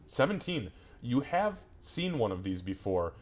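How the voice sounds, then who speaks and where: A man's voice: medium pitch, big pitch swings, measured pace, noisy background. A man running a tabletop game as game master, narrating combat in a casual, profane way. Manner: casual, swears freely, loose descriptive narration.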